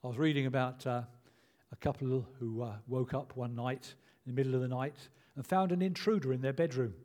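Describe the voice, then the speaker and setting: Mellow-voiced older preacher. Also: male voice, medium pitch. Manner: measured, earnest preaching with reflective pauses. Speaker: pastor. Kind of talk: sermon.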